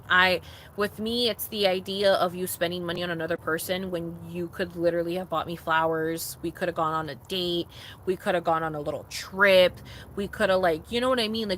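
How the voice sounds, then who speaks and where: A woman's voice: on the low side, a bit bright, a little hiss or hum. Blunt, profane young woman vlogger. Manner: blunt, profane, emphatic repetitions. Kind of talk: casual rant to camera.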